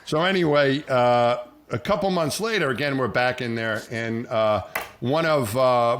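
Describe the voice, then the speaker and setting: A man telling a long, animated story in casual podcast chat, acting out the people he quotes. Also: medium pitch. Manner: animated, acts out quoted voices, many restarts. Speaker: podcast co-host.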